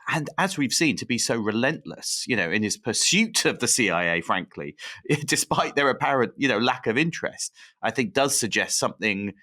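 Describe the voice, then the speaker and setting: A man's voice: medium pitch, expressive, moderate pace, pushed and bright. A man co-hosting a history podcast, summing up points and asking thoughtful questions. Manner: thoughtful, summarizing questions to his co-host. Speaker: podcast co-host.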